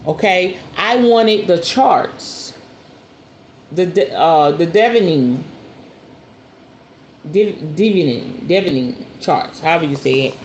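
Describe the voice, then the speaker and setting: A woman hosting her spiritual channel, chatting to viewers while she unboxes a purchase. She is animated and playful and often calls her viewers "y'all" and "honey.". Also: lowish voice, takes it slowly, pauses often, muffled recording, a little hiss or hum. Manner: excitable storyteller, acts out shop talk.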